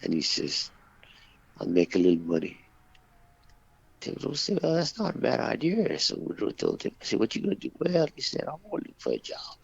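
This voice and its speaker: A man co-hosting a talk radio show, telling jokes in a folksy, drawn-out way and voicing the characters' dialogue. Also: mid-range voice, wildly swooping pitch, gravelly, breathy edge. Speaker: radio co-host. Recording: dull, lo-fi dry radio recording.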